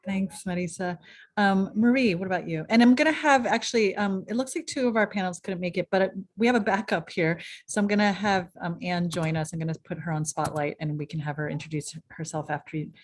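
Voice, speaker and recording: A woman's voice: lowish voice, fairly quick. Woman panel moderator on a video call, friendly, organizing. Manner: friendly, organizing, frequent fillers.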